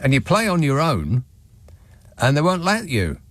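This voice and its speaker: A man's voice: on the high side, wildly swooping pitch, measured pace, fairly bright tone, no room sound. A man hosting a radio show, reading out listener messages with dry, sardonic asides from a studio microphone. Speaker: radio talk show host.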